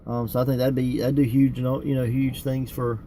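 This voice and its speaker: A man's voice: mid-range voice, level tone, a little fast, a crowd in the background. A man co-hosting a casual wrestling podcast, chatty and laughing often, with many fillers. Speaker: podcast co-host. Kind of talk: casual chat.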